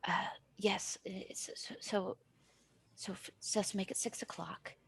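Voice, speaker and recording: A woman game master voicing a man who whispers secret plans in a hushed, hurried way, in a whispered role-play for a tabletop game. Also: sits high, fairly even intonation, vocal fry, breathy edge, heavily acted. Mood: secretive.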